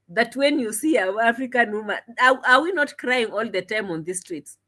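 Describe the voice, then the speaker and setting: A woman's voice: mid-range voice, big pitch swings, a little slow, fairly bright tone. A woman commentator reacting to a clip, talking in an indignant, mocking way and sometimes laughing. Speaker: commentary vlogger. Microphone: desk camera.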